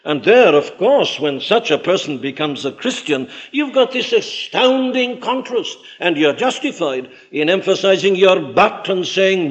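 An emphatic male preacher delivering a sermon. His voice sits a little high for a man and swings widely in pitch, leaping up on key words and sinking low and quiet for contrast. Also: lively intonation, unhurried, few pauses, lo-fi sound.

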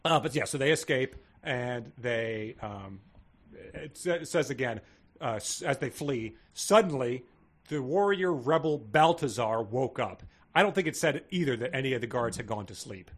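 A man co-hosting a casual podcast, retelling a book's plot and loudly acting out its quoted lines. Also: medium pitch, lively intonation, moderate pace, husky. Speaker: podcast co-host. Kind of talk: casual chat retelling a book.

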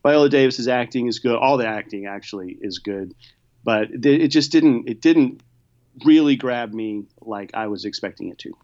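A man's voice: medium pitch, normal speed, a little mellow, dull audio. A man co-hosting a casual movie-review chat, easygoing and hesitant, hedging often. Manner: easygoing, hesitant, lots of fillers. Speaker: podcast co-host reviewing movies.

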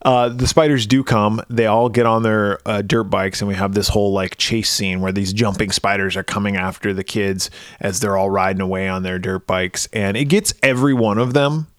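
A man's voice: lowish voice, steady tone, normal speed, few pauses, no echo, clean studio sound. A man co-hosting a podcast, recapping a movie in casual chat, laid-back and swearing freely. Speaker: podcast co-host.

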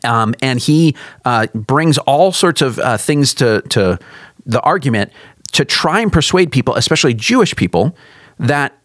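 A man co-hosts a Bible podcast in a dry, close-miked sound. He teases and laughs often, then shifts into an easy teaching explanation. His pitch sits in an ordinary middle range. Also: expressive, a little slow, fairly bright tone, no echo. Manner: laughs often, playful teasing. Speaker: podcast co-host. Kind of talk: casual chat and Bible teaching.

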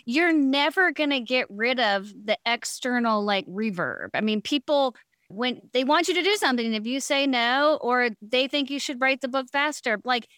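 A woman's voice: sits high, moderate pace, no echo, clean studio sound. A woman giving blunt, candid advice in a podcast conversation, acting out other people's voices as she talks. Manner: animated, acts out voices of others.

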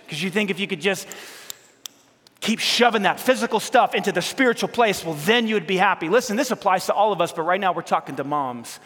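A male pastor preaching with passion, his voice swinging from loud urgent appeals to soft, hushed words, often repeating phrases as he speaks straight to the congregation. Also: on the high side, moderate pace, in a large hall. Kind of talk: sermon.

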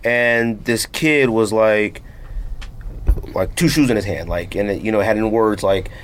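A man co-hosting a casual podcast, ranting in an animated way with lots of filler words. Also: on the low side, a little slow, slight background noise. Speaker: podcast co-host.

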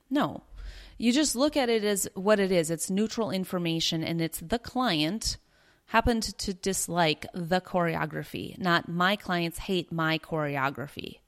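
A young adult woman talks through her ideas as a podcast host, in a relaxed and earnest monologue. Her voice sits a little low for a woman, and she often repeats a phrase to press a point. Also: a little slow. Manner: earnest, conversational, repeats herself for emphasis. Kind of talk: casual teaching monologue.

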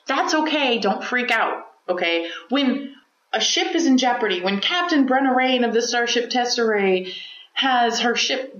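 A woman hosting a solo podcast, explaining her points with animated energy and playful asides. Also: on the high side. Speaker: podcast host. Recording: roomy, slightly dull recording.

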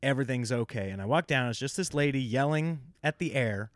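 Comedian host guy, curious, lots of quick questions, dry sound. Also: medium pitch, animated, no room sound. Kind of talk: casual podcast chat.

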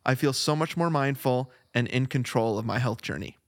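Recording from a home studio in Flagstaff, this podcast co-host talks about his week, reads the ads and laughs readily in relaxed conversation. He speaks at a moderate pace with a medium pitch, and the studio-quality sound has no room noise.

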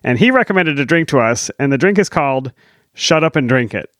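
A man's voice: medium pitch, animated, fairly quick, fairly bright tone, dry recording, studio quality. A man co-hosting a podcast, chatting casually and laughing easily. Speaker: podcast co-host. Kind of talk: casual chat.

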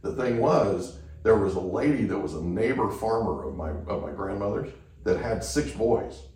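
A man's voice: lowish voice, normal speed. Echoey, distant male podcast host. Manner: animated storyteller, frequent "right?". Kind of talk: storytelling in a conversation. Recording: echoey room, distant mic.

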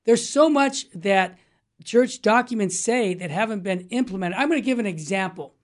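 A man's voice: sits high, expressive, normal speed. Man in his sixties, talk show host, emphatic, rambling storyteller. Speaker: Catholic radio host. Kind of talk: casual talk show discussion.

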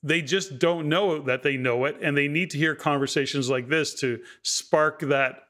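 Male podcast host, bright, forward voice, chatty and reflective, talks in long asides. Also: a little high, steady tone, normal speed, few pauses. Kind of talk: conversational interview.

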